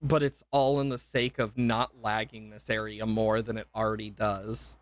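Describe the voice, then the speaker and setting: A young man livestreams a game, chatting in a lowish voice with a flat delivery at a moderate pace. He's emotional and gushing, rambling, interrupting himself, and thanking people over and over.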